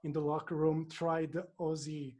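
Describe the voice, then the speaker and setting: A man's voice: fairly high pitch, flat delivery, moderate pace, warm tone. A man interviewing an athlete, asking friendly, playful questions.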